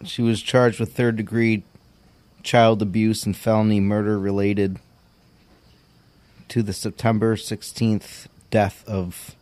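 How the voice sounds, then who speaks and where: A man's voice: fairly low pitch, flat delivery, takes it slowly, pauses often, a little mellow, no room sound. A man co-hosting a casual podcast, reading out odd news items and laughing at them. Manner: reads news items, giggly. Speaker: podcast co-host. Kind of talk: casual chat.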